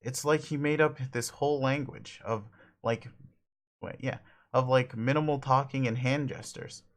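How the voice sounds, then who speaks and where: A man's voice: mid-range voice, steady tone, moderate pace, lightly acted. A man voicing a cheerful, goofy teenage boy who rambles and stammers while reading a comic aloud.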